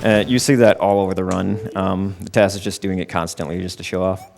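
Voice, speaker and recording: A man with a lowish voice patiently walks through what is happening in a speedrun, peppering it with "um"s. Faint music plays behind him. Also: steady tone, a little fast, vocal fry, darkish tone. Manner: explanatory, many "um" fillers. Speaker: game commentator. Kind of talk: casual live speedrun commentary.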